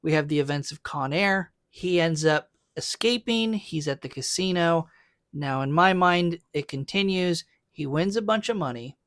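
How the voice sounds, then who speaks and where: A man's voice: on the high side, lively intonation, normal speed, fairly bright tone, no echo, clean studio sound. A man co-hosting a podcast, giving opinions on a movie and laying out a fan theory step by step. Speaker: podcast co-host. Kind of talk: casual movie discussion.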